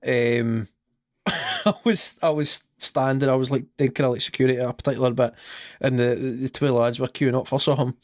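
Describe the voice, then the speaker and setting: A man's voice: medium pitch, flat delivery, fast talker, hardly any pauses, a little mellow, dry recording, studio quality. Scottish man telling rambling, laughing stories. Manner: rambling, swears freely, laughs at his own stories. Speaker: podcast co-host. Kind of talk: casual podcast chat.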